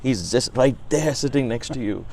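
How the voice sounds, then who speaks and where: A man's voice: mid-range voice, expressive, normal speed, a little hiss or hum. A man in his sixties, an interviewee, telling a reverent personal story in an earnest way. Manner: earnest, reverent, frequent restarts and soft laughs. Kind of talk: reflective storytelling.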